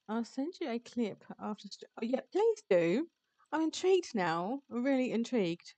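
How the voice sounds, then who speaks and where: A woman VTuber reading a visual novel aloud on stream, chatty and quick to laugh. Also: a little high, sing-song, mellow, no echo. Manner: chatty, reads game text aloud, laughs often. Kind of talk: live-streamed visual novel read-along.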